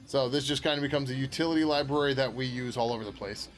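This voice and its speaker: A man who is a software developer streaming his work, chatting casually as he codes. He rambles, laughs often, answers his viewers and swears now and then. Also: mid-range voice, quick pace, faint music behind. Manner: swears casually, many fillers. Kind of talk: casual live-stream chat while coding.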